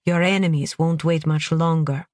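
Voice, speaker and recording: A man's voice: fairly high pitch, steady tone, moderate pace, no echo, clean studio sound, natural voice. An audiobook narrator voicing a man leading a gang, firm and insistent. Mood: urgent. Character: calm, urgent male gang leader.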